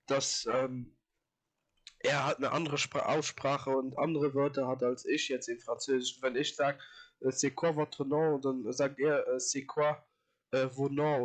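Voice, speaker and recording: A man casually commenting on a lesson video, hesitant and full of fillers. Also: medium pitch. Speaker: reaction video host.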